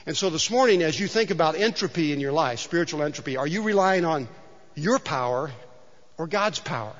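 A man's voice: on the high side, expressive, brisk. A male pastor preaching a sermon in a church, talking conversationally with asides and rhetorical questions. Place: church sanctuary. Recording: dull sound with long hall reverb.

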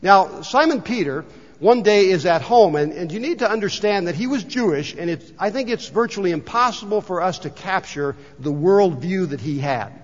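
A man, a pastor, delivering a sermon and telling a story, slowing down when he reads passages aloud. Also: high voice, expressive. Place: church sanctuary. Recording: long hall reverb, dull lo-fi sound.

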